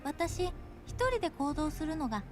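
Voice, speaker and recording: An actress voicing a cheerful, chatty young female club hostess in a video game, with a bright, bubbly, sing-song manner. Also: high voice, animated, fast talker. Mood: friendly. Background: game music.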